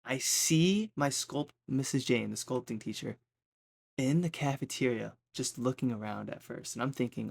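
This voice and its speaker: A man with a gravelly, creaky voice tells a story from his school days in a loose, rambling way. He keeps checking in with the listener, tagging his sentences with "right?" and "you know". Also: mid-range voice, moderate pace. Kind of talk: casual storytelling.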